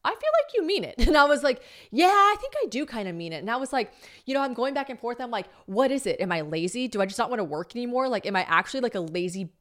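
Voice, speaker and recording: A young adult woman hosting a solo podcast, telling stories in a chatty, animated way, acting out quoted dialogue and swearing casually. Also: on the high side, fast. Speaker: podcast host.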